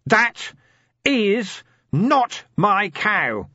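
A man voicing a delirious, battered male watchman who wails his lines in a husky, childlike sing-song, slightly muffled. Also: high-pitched, huge pitch swings, measured pace, fairly bright tone, dry recording, voice pushed up, exaggerated voice. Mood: deranged wailing. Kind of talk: audiobook character voice.

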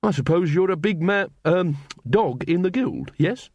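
A sharp-tongued young werewolf woman, tart and sarcastic, as a man raises his voice to play her. The pitch rides noticeably higher than a man's usual. The reading is dry and close. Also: animated, measured pace, husky, dry recording, highs cut off, heavily acted.

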